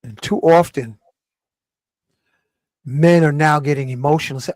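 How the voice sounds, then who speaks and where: A man hosting a live talk show, lecturing in an emphatic, animated way. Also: fairly high pitch, unhurried, no room sound. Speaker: show host.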